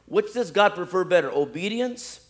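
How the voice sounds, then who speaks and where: Animated preacher man, higher voice. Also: normal speed. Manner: animated preaching that swings from loud pleading to low asides. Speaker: pastor. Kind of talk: sermon.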